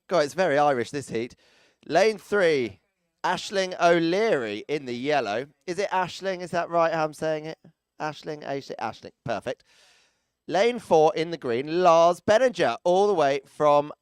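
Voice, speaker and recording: A man's voice: a little high, expressive, moderate pace, smooth, no room sound. A man commenting live as arena announcer, chatty and teasing, with jokey asides to people around him, speaking into a close microphone.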